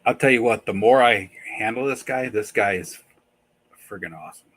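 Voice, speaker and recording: A man co-hosting a casual livestream, talking with enthusiasm and telling stories in an animated way. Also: lowish voice, moderate pace, husky. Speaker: co-host guest.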